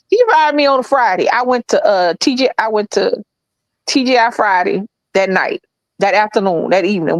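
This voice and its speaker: A woman tells a work story on a podcast. She is blunt and profane, and her voice sits a little high. The mic is close and dry. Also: no echo, poor audio. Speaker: podcast co-host telling a story. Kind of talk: casual storytelling chat.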